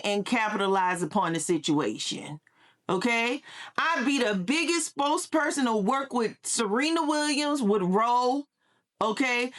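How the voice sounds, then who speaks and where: Woman commentator, sassy and emphatic, a touch high-pitched. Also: a bit bright. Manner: sassy, emphatic, repeats points. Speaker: social media commentator. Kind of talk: casual gossip commentary.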